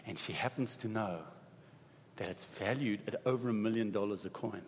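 A man preaching a sermon, telling stories in an animated way and building to emphatic peaks. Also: lowish voice, moderate pace, a little hiss or hum. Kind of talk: sermon storytelling. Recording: long reverb in a large hall.

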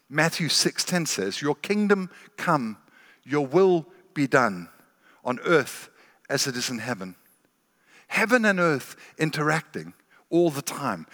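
As a guest speaker in a large church hall, a man preaches earnestly, often repeating words as he begins a phrase. His voice is on the high side and fairly bright, with long church hall reverb on the recording.

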